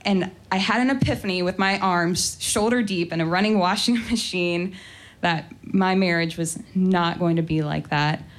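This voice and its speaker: A woman's voice: lowish voice, moderate pace. A young adult woman telling a first-person story in a candid, wry way, with frequent ums and likes.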